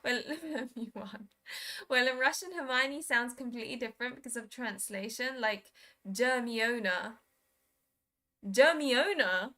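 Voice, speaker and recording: A young woman hosts a relaxed live stream, laughing easily and answering her chat. Her voice sits a little high and rings bright and clear. She trips over words and tries out pronunciations with playful giggles. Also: normal speed.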